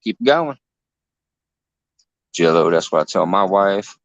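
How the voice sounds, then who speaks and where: A man's voice: low voice, animated, takes it slowly, dry recording, highs cut off. A man hosting a casual livestream chat, easygoing, laughing often and reading out viewers' names. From Illinois. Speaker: livestream host.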